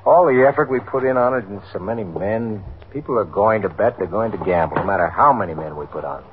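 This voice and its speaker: A man's voice: lowish voice, quick pace, a little hiss or hum, lightly acted. A man playing an earnest, plain-spoken police lieutenant in a 1950s radio drama, sounding a little weary. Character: frank, unhappy male police lieutenant. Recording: tinny old radio broadcast.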